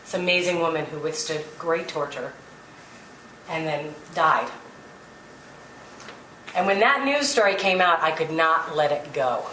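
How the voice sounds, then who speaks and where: An earnest woman gives a spiritual talk, her voice set a little low and picked up from some distance. The room is echoey, with a faint hum of ambience behind her. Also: lively intonation, unhurried, long pauses, sharp tone. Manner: earnest and storytelling, with light laughs. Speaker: spiritual speaker. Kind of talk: inspirational talk to a gathering. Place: meeting room. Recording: roomy hall, distant mic, faint ambience.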